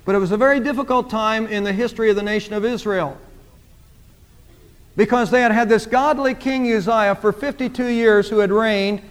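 A man's voice: high voice, moderate pace, smooth. A man preaching a sermon, speaking emphatically and repeating phrases for emphasis. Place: church sanctuary. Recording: long church reverb.

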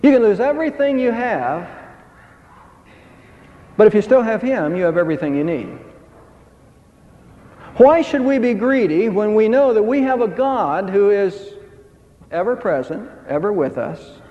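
A man's voice: high voice, very animated, unhurried, pauses often. A man preaching a sermon as pastor, emphatic, with his voice rising on key phrases. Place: church sanctuary. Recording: dull sound with long hall reverb.

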